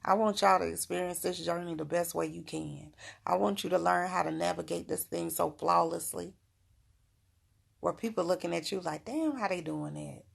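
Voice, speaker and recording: A woman's voice: lowish voice, flat delivery, moderate pace, vocal fry, breathy edge. A middle-aged woman giving frank, motherly spiritual advice in a casual livestream talk, laughing often.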